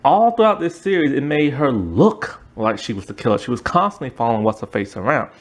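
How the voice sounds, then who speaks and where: A man giving a casual, animated recap and review of a TV series, acting out the characters' lines in quick asides and breaking into exasperated outbursts. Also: medium pitch. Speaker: show reviewer.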